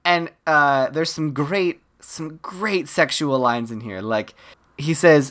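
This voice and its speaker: Role: podcast co-host. Style: casual film-recap chat. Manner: animated storytelling, wry asides, easy laughter. Pitch: medium. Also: slow.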